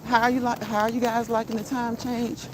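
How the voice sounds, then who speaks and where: Woman, casual walk-and-talk vlog, outdoors, slightly high voice, chatty, laughs a lot, faint rural background noise. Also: little pitch movement, brisk. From northern United States. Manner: chatty, laughs often, repeats words playfully. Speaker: vlogger.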